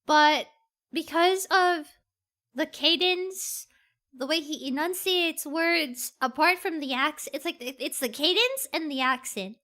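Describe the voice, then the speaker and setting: High, excitable woman streamer. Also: measured pace. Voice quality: rambling, animated, excitable. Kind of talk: excited gaming stream commentary. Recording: game music underneath.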